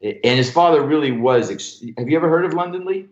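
Male comedian, animated storyteller, coarse, roomy muffled recording. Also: fairly high pitch, quick pace. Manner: animated storyteller, acts out quotes, swears freely. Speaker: comedian and joke writer. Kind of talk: casual storytelling interview.

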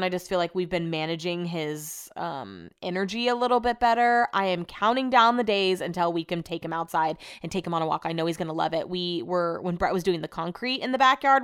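A young woman hosting a podcast, telling home stories in a casual, chatty way, swearing freely and acting out quotes in a higher voice. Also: smooth. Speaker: podcast host. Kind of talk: casual storytelling chat.

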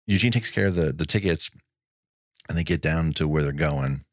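A man's voice: extremely low pitch, moderate pace, no echo, studio quality. A man co-hosting a casual movie-recap chat, retelling scenes with laughs and putting on the characters' lines. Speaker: podcast co-host.

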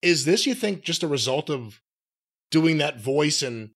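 A man's voice: fairly high pitch, animated, measured pace. A man co-hosting a podcast in casual chat, wry and asking pointed questions. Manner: wry, asks questions, mimics voices. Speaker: podcast co-host.

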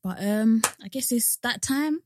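A woman's voice: fairly high pitch, noisy background. A young woman co-hosting a podcast in casual chat, laughing often. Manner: chatty, laughs often, quick asides. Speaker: podcast co-host.

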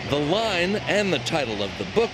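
A male news correspondent reading a scripted television report in a measured reporter's delivery. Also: on the high side, big pitch swings, heavy background noise.

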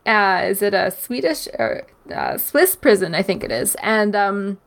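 A young woman co-hosting a podcast in casual chat, quick and upbeat with lots of fillers like "like" and "um". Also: medium pitch, big pitch swings, vocal fry. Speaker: podcast co-host.

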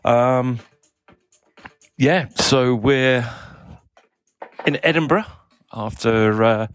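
A middle-aged man with a mix of Australian, South African and English accent, talking in a relaxed, rambling audio diary full of ums and uhs. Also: medium pitch, drawn-out words, smooth, no echo, soft background music. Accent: mixed Australian, South African and English. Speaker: cycling team manager.

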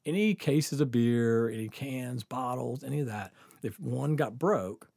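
A man's voice: mid-range voice, unhurried, vocal fry, a little mellow, dry recording, studio quality. A man telling a story in a casual podcast chat, profane, often laughing and saying "dude".

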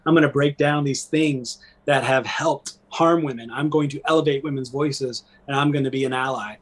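A middle-aged man and former pastor talking candidly as a podcast guest, earnest and animated, often checking in with "right?". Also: medium pitch, moderate pace. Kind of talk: candid conversational interview.

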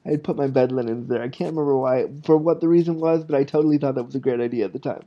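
A man's voice: mid-range voice, very fast, highs cut off. A man in his thirties hosting a podcast, telling a story in a candid, rambling way with many restarts. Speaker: podcast host. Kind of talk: casual storytelling.

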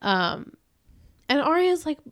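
A woman's voice: sits high, big pitch swings, slow, fairly bright tone, no echo, studio quality. A woman co-hosting a podcast, recapping a TV episode in casual chat, rambling and laughing often. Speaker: podcast co-host.

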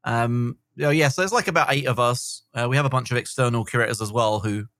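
A man's voice: mid-range voice, fast, no echo. Laid-back middle-aged man, guest on a casual podcast, full of ums and ahs, close and dry. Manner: relaxed, many fillers.

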